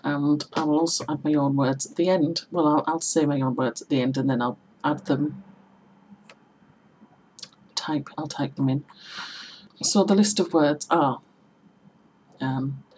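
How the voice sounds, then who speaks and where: A woman from Middlesbrough, England, with a Teesside accent, chats casually in a tag video as a vlogger, explaining local words with examples and spellings. Her voice is deep and darkish, on a rough recording with a little hiss or hum.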